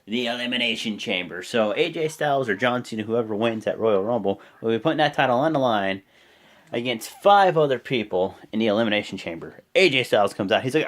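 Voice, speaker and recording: A man recaps a wrestling broadcast in a loose, rambling way, filling gaps with "and whatnot." His pitch jumps around a lot, and he slips into loud, excited voices when he quotes people. His voice sits at an ordinary middle pitch. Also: fairly quick. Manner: rambling, with many fillers and "and whatnot". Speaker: host of a wrestling reaction channel. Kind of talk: casual show recap to camera.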